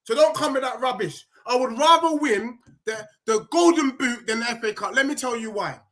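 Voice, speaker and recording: A man argues football on a video call. His voice is bright and ringing, and he talks insistently, repeating himself to get a word in. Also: very high-pitched, normal speed. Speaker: football podcast guest. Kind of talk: heated football debate.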